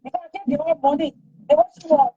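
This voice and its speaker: A woman's voice: sits high, level tone, very fast, dark tone. A woman, talking emphatically and repeating herself in heated casual talk. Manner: emphatic, repetitive. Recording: dull lo-fi recording.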